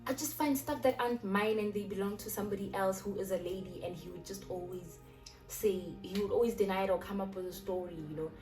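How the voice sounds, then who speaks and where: A woman's voice: mid-range voice, quick pace. A young South African woman casually retelling a personal story, acting out the lines of the people in it. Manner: animated retelling, acting out quoted dialogue. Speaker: YouTuber. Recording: echoey room, distant mic, background music.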